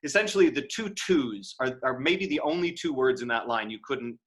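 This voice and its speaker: A man's voice: mid-range voice, lively intonation, normal speed, a bit bright. An American man lecturing on acting over a video call, talking casually with frequent fillers and restarts. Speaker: acting teacher. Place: home room on a video call. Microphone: video call microphone.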